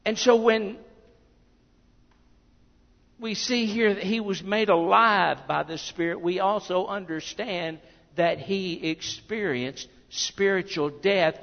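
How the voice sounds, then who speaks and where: Preacher, male, high and gravelly, delivering a sermon that swings from loud declarations to near-whispers, recorded muffled in a reverberant hall.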